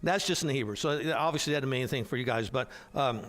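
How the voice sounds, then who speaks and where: A man's voice: mid-range voice, racing, fairly bright tone. A man teaching an adult Bible class in a casual, digressive way, with frequent restarts and fillers. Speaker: hospital chaplain.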